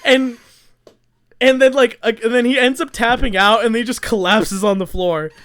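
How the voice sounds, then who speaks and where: A man's voice: very high voice, steady tone, moderate pace, a bit bright, smooth. A young man co-hosting a podcast in casual chat, rambling through stories, laughing often and acting out his friends' lines. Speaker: podcast co-host.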